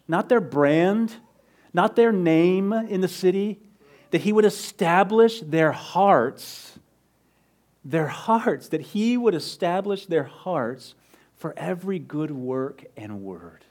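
Preaching man, slightly high voice. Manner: conversational preaching, drops to soft low voice for emphasis. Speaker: pastor. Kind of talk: sermon.

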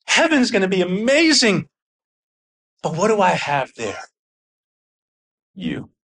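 A man preaching a sermon with fervent, excited intensity that sounds almost angry. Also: sits high, slow pace. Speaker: pastor.

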